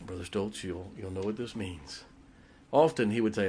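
A man preaching, telling a personal story with emotion and dropping his voice low in tender moments. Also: unhurried, pauses often, darkish tone, a little hiss or hum. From Ohio. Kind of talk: sermon storytelling.

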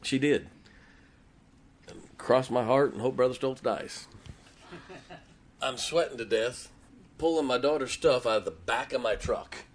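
A man's voice: mid-range voice, measured pace, pauses often. A man, a pastor, preaching a sermon in a folksy storytelling way, acting out quoted conversations.

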